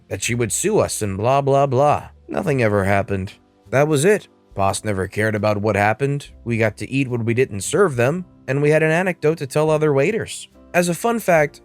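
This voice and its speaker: Man, story narrator, scripted reading, talks to viewers, mid pitch, dry. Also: no echo. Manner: reads stories aloud and addresses viewers.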